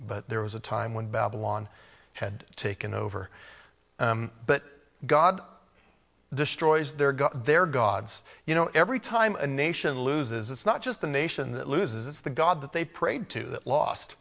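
A man teaching verse by verse from the Bible in a relaxed, conversational way, reading passages aloud and adding his own asides. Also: medium pitch, measured pace, vocal fry. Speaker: preacher.

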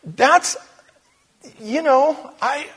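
A man preaching a sermon in a conversational way, growing animated as he reads scripture aloud. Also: very high-pitched, very slow, in a large hall.

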